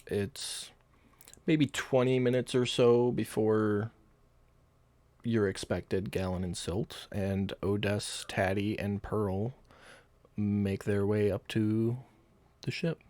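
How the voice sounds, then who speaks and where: A man narrating as game master in a tabletop game, calm and matter-of-fact. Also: fairly low pitch, slow pace, no echo.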